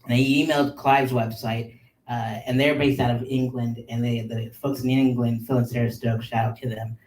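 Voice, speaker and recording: A man in his thirties casually telling a long personal story on a podcast, animated and full of likes and ums. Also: mid-range voice, normal speed. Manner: animated, filler-heavy with many likes and ums. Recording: roomy sound, mic at a distance.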